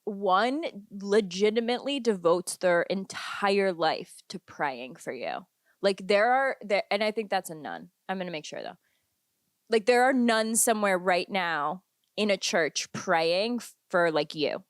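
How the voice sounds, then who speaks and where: A woman's voice: mid-range voice, expressive, unhurried, no room sound, studio quality. A young woman co-hosting a podcast, telling chatty stories in a casual, laughing way. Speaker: podcast co-host. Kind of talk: casual chat.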